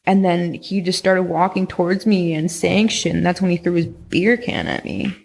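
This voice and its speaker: Gravelly young woman telling a story. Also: lowish voice, lively intonation, moderate pace, darkish tone. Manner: rambling, heavy use of "like", frequent swearing. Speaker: podcast guest recounting experiences. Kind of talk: casual storytelling in conversation.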